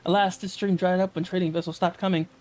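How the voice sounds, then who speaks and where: A man's voice: sits high, flat delivery, fast talker, a little mellow, a little hiss or hum, lightly acted, poor audio. A man voicing a formal, dutiful soldier of a military order in a video game, reading in a stilted, read-aloud way. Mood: courteous.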